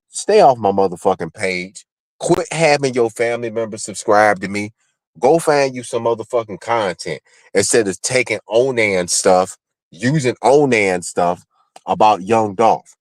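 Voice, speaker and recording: A man's voice: on the low side, no room sound. Man ranting on a live stream, blunt and cussing, dry close sound. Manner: blunt, profane, rapid-fire calling out. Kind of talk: heated livestream call-out chat.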